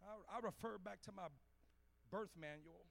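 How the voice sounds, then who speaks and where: A man's voice: high voice, normal speed, gravelly, a bit bright. A man preaching a sermon in a Pentecostal church, telling a story and building to chanted cadences. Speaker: pastor.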